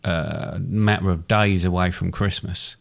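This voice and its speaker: This man in his fifties speaks in a low, easygoing Estuary English voice. He talks casually as a podcast co-host and often stops to restart his sentences. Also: steady tone, a little slow, creaky. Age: 50s. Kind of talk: casual chat.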